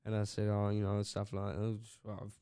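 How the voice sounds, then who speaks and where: A man's voice: fairly low pitch, completely flat delivery, fairly quick, dark tone, clear, resonant tone, dry recording. Young man, podcast co-host, casual rambling, sweary storytelling, close dry recording. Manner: rambling anecdotes, swearing, acting out others' lines. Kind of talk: casual chat.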